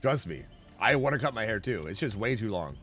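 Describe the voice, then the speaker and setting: A male streamer talks in a bright, forceful voice that swings up and down a lot, rambling and swearing as he answers chat mid-game. Faint game music plays underneath. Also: on the low side, expressive, a little fast. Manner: rambling, profane, chatty, answering chat questions. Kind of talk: casual live-stream chat with viewers while gaming.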